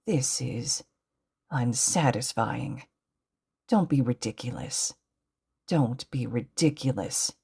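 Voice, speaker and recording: A bitter, unraveling young male villain, as a woman reading the story puts him on. He mutters low and hushed, sounding close to breaking. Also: big pitch swings, slow pace, long pauses, slightly rough, heavily acted. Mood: bitter muttering. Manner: hushed, muttering, falling apart.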